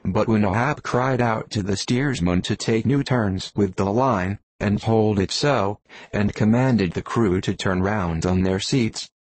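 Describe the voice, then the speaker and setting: Low-voiced male audiobook narrator. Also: darkish tone, no echo, poor audio. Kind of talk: audiobook narration of a classic novel.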